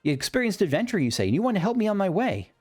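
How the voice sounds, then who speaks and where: A man's voice: sits high, sing-song, racing, darkish tone, slightly rough, faint music behind, voice pushed up, heavily acted. A man voicing an earnest sixteen-year-old boy from a video game, an aspiring adventurer who is polite and a little nervous. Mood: eager. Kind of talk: reading game dialogue aloud.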